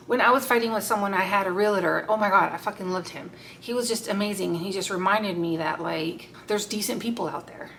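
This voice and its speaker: A woman's voice: medium pitch, a bit bright. Casting note: woman, tarot reader, off-the-cuff and foul-mouthed, mid-range voice, faint room hum behind. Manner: blunt, swears freely, talks to the cards aloud. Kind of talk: casual unscripted tarot reading.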